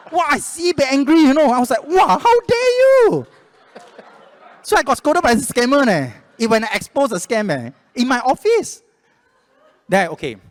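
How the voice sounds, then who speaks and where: A man with a Singaporean English accent, telling a story to a live audience at a panel and acting out the voices in it. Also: on the high side. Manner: lively, acts out voices and laughs while telling. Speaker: panel speaker. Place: event hall with audience. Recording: echoey hall.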